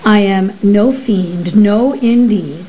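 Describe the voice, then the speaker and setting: A woman's voice: medium pitch, slow pace, warm tone, dull audio, a little hiss or hum, close to an everyday voice. A woman reading the part of a formal, condescending male professor who travels through time. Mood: lofty. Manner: formal, condescending, pleading at times.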